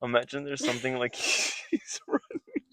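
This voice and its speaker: A man co-hosting a podcast in a casual chat, teasing and cutting in with quick remarks. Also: mid-range voice, huge pitch swings, a bit bright. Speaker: podcast co-host.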